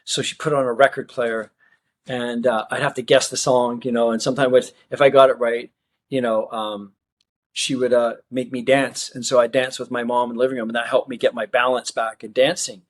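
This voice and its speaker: A man's voice: medium pitch, a little fast. A middle-aged man from Australia, a magician guest, telling stories in a casual interview and acting out what people said. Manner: animated storyteller who acts out quoted dialogue.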